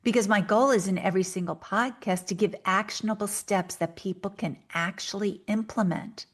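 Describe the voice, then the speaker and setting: A woman's voice: mid-range voice, a bit bright. Woman podcast host giving earnest advice. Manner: earnest, coaching, direct address with quick acted asides. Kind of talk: solo podcast advice talk.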